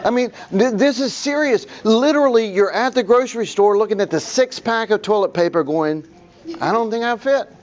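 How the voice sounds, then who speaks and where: A man's voice: sits high, brisk, hardly any pauses, darkish tone, dull audio. A man presenting a public speaking workshop to a room, telling stories and acting out the people he quotes.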